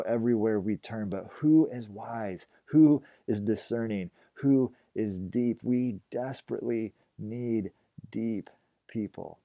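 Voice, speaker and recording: Soft-spoken man preaching a sermon. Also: lowish voice, dry recording. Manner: gentle, reflective, drops to a hush on quiet phrases. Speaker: pastor.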